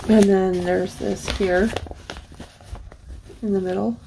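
A woman hosting a crafting channel casually shows off a handmade journal in an unboxing look-through, gushing and admiring it with many fillers. Her mid-range voice is flat and slow, with vocal fry, over a noisy background.

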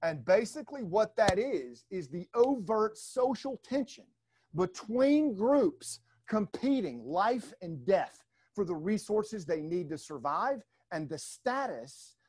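Middle-aged man, high voice, dry close recording; chatty webinar lecturer who keeps asking "right?". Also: very animated, measured pace, darkish tone, husky, no echo. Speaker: webinar speaker. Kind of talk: leadership talk with slides.

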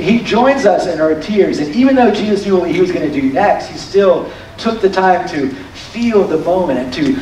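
A male pastor with a high voice, preaching in a lively, conversational storytelling style. He sounds far from the mic, and his voice carries in the long, heavy echo of a church sanctuary, with faint room noise behind. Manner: animated storytelling, conversational, emphatic. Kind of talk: sermon. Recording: very echoey hall, distant mic.

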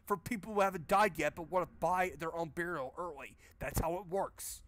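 A man with a slightly high voice gives let's play commentary. He is sarcastic and swears freely, mocking what he reads on screen. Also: brisk, a bit bright. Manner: sarcastic, profane. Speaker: game streamer.

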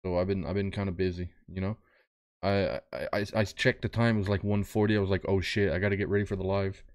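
A man's voice: deep voice, steady tone, fast talker. A young man chatting casually with his live-stream audience, greeting viewers and rambling about his day. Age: young adult. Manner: laid-back, rambling, greets chat by name. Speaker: streamer reacting to videos.

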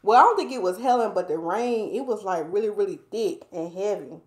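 A woman's voice: mid-range voice, animated, a little fast, roomy sound. A woman, a hair stylist chatting playfully with viewers while doing a hair tutorial at home. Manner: chatty, playful, talks to viewers as y'all, reads comments aloud. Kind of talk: casual livestream hair tutorial chat.

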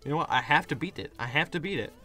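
A hoarse young man giving casual commentary while playing a game, getting frustrated and yelling at it. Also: on the high side, animated, fast, faint music behind. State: hoarse, voice worn out. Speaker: gaming video creator.

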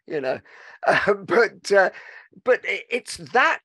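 A man's voice: sits high, very animated, slow, pushed and bright, slightly rough, no room sound. Dry-sounding male podcast host. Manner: chatty, hesitant restarts. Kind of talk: casual interview chat.

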